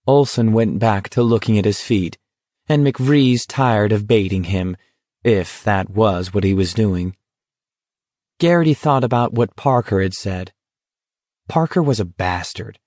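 A man reading a novel aloud in a steady, even storytelling voice. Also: lowish voice, no room sound. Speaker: audiobook narrator. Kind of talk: scripted narration.

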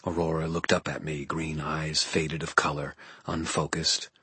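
A man narrating a fantasy audiobook in a steady, dramatic storytelling manner. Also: rumbling low, a little slow, husky, dry recording.

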